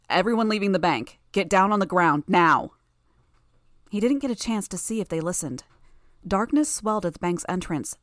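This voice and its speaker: A woman narrating a first-person audiobook chapter with a measured, even reading. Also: on the low side, dry recording, clean studio sound.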